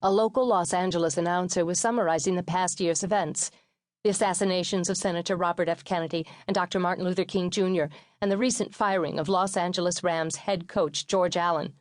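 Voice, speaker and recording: A woman reads a memoir audiobook in a steady, measured way, her voice sitting fairly low. The sound is dry and close, as from a studio microphone, with no room around it. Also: no room sound. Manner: steady, measured reading with lightly acted quotes. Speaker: audiobook narrator.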